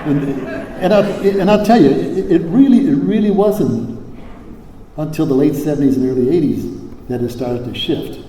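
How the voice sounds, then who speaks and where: A man's voice: fairly high pitch, noisy background. Rambling older man in an echoey hall. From Hawaii. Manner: rambling, many fillers and restarts, salty language. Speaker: convention speaker. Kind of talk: recovery convention talk. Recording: echoey hall, faint ambience.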